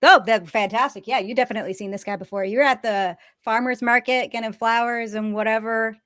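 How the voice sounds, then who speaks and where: Playful woman game master, slightly high voice, dry close mic. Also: fairly even intonation, a little fast, a bit bright, no room sound. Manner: playful, laughs often. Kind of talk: running a tabletop game on a stream.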